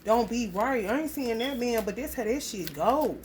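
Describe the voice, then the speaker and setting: A woman's voice: a little high, lively intonation, normal speed, darkish tone, slight background noise. Blunt, profane woman doing a casual reading. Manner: loose, rambling delivery. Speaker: astrology reading vlogger. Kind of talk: casual spoken reading to viewers.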